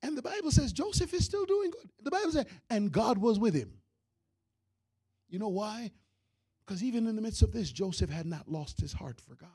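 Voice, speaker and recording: A man preaching a sermon, retelling a story with lively shouts, character voices and soft asides. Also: high voice, normal speed, husky. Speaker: pastor.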